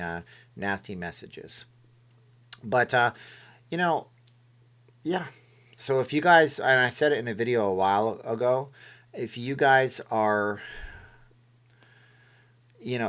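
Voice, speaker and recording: A man's voice: mid-range voice, fairly bright tone. A middle-aged man hosting a casual livestream from home, giving rambling motivational talk and reading viewer messages. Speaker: livestream host.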